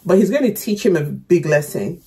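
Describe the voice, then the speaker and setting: A woman's voice: lowish voice, lively intonation, brisk, dark tone, a little hiss or hum. A woman reacting aloud to a film, chatting casually and exclaiming as she watches. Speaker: movie reactor. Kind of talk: reaction commentary.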